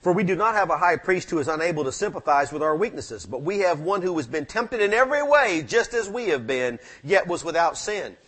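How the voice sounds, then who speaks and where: A man pastor preaching a sermon in a church, fervent, swinging between loud peaks and quiet asides. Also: fairly high pitch, big pitch swings, brisk, few pauses. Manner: fervent preaching that rises and drops sharply. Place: church sanctuary with amplified mic.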